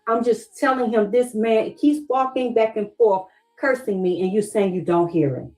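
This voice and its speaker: A middle-aged woman with a Southern US accent talks straight to her livestream viewers. She keeps pressing the same questions and stops to thank them and read out their comments. Her voice sits at an ordinary middle pitch for a woman. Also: moderate pace, mellow, poor audio. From Southern United States. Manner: insistent, repeats questions, reads viewer comments aloud. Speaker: livestream host. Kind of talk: emotional livestream talk to viewers.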